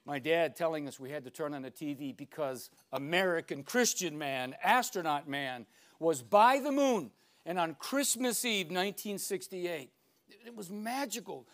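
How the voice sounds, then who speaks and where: An older man giving a lecture, emphatic and declamatory, with dramatic pauses between phrases. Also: a little high, expressive, fairly bright tone. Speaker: speaker.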